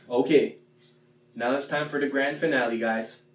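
A man leading a playful classroom warm-up, chanting the words slowly and loudly. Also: mid-range voice, little pitch movement. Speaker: teacher leading a movement warm-up. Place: x-ray room. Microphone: phone camera from a distance. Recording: echoey room, mic far off, faint hum.

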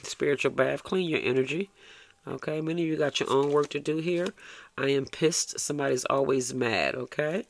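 A man's voice: medium pitch, moderate pace, creaky. A man giving a tarot reading, blunt and coaxing, swearing freely and ending lines with "okay?". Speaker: tarot reader.

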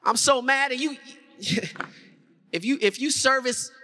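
Very high-voiced, bright male keynote speaker. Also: a little slow. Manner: animated, acts out scenes, asks the audience questions. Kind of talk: motivational keynote storytelling. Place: conference hall before an audience.

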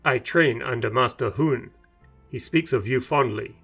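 A man's voice: mid-range voice, a little slow, creaky, sharp tone, husky, faint music behind, heavily acted. A man playing a formal young monk. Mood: earnest. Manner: formal, earnest. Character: young male monk, injured, respectful.

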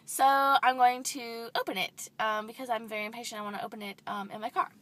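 A young woman from the United States chatting excitedly in a casual unboxing vlog, filmed on a camera set down inside a parked car. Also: on the high side, brisk, dry recording. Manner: bubbly, chatty, apologetic, many "like" and "really". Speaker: vlogger. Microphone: handheld camera set down on the dashboard.

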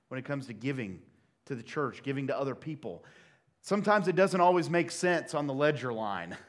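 A man preaching a sermon as pastor, telling a story with lively swings from loud acted-out quotes to quiet, hushed asides. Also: fairly high pitch. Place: church sanctuary.

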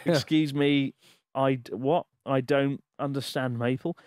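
A man's voice: mid-range voice, fairly even intonation, normal speed, no echo, studio quality. A man co-hosting a podcast, reading a listener's letter aloud in a casual way, laughing and swearing in disbelief as he goes. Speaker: podcast co-host.

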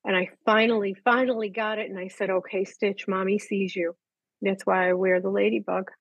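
A woman's voice: medium pitch, level tone, a little fast, breathy edge, no echo, muffled recording. An older woman, a guest animal communicator, telling personal stories in casual chat and acting out the voices she quotes.

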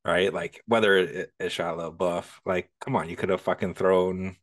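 A man's voice: deep voice, steady tone, moderate pace. A man co-hosting a podcast, talking casually and profanely about a movie. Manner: laid-back, profane, laughs easily. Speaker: podcast co-host. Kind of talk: casual movie review chat.

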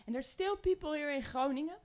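Woman, Dutch accent, fairly high voice, panel speaker, earnest and emotional. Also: a little fast, a little mellow. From Netherlands. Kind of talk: emotional public talk. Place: room with audience.

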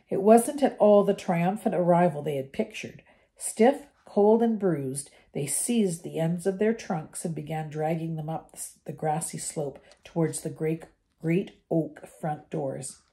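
An older woman reading a novel aloud to her grandchildren, gentle and with the odd slip and restart. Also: lowish voice, vocal fry. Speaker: storybook reader for her grandchildren.

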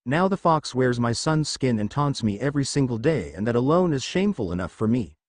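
A man's voice: medium pitch, big pitch swings, fairly quick, no room sound, natural voice. A man reading the lines of a proud, bitter ninja mother in a storybook, harsh and retorting.

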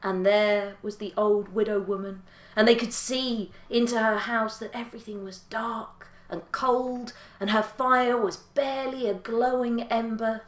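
Woman storyteller, lilting and expressive, fairly high voice, roomy echo. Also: a little slow. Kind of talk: told folk tale.

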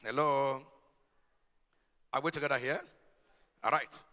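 A man's voice: mid-range voice, fairly even intonation, a little slow, pushed and bright. A man preaching a sermon, emphatic and calling out questions to his congregation. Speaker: pastor. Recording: long hall reverb.

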